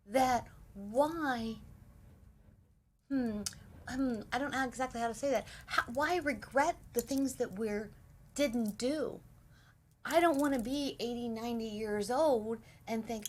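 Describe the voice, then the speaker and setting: A middle-aged woman hosting a casual spiritual talk, animated, acting out little quoted dialogues. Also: on the high side, a little slow, a little hiss or hum. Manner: animated, quotes herself and her husband in dialogue. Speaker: spiritual host.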